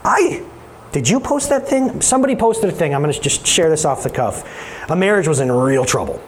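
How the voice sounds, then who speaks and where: Animated man preaching a sermon, lively pitch. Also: normal speed, slight background noise. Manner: animated, conversational, addresses the congregation directly. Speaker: pastor.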